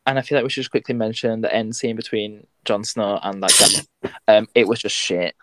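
A woman's voice: rumbling low, fairly quick, fairly bright tone, no room sound. A young woman with a British accent, co-hosting a casual podcast, slangy and laughing easily. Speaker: podcast co-host. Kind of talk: casual chat.

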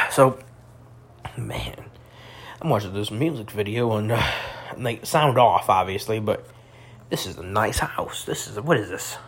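A man's voice: lowish voice, measured pace, long pauses, a bit bright, slightly rough. Rambling tipsy young man, crude slang. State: tipsy and high. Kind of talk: rambling casual monologue.

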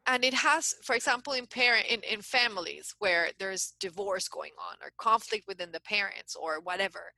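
A woman's voice: mid-range voice, moderate pace, vocal fry, hardly any pauses, dry recording, poor audio. A middle-aged woman coach telling a story in a casual interview, talking in bursts with frequent restarts. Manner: animated storyteller, many restarts. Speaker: guest coach.

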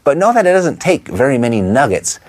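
A man teaching real estate investors how to talk to motivated sellers, in a lively coaching manner that keeps asking the listener rhetorical questions. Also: medium pitch, fairly quick. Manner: briefly imitates a Texan twang. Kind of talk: instructional talk to camera.

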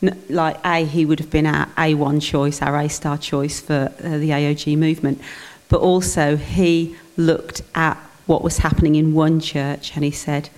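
A woman's voice: deep voice, level tone, moderate pace, few pauses, darkish tone. A woman speaking earnestly to the congregation from the church stage. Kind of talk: onstage church talk.

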